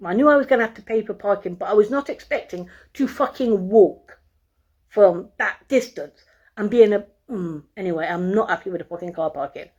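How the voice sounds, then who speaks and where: A woman's voice: mid-range voice, fairly quick, a little mellow, slightly rough, lo-fi sound. A woman vlogging from a hotel room on her phone, swearing a lot as she complains and then gives a room tour. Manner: exasperated, swears often, talks to camera. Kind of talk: casual vlog rant and room tour. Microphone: phone camera.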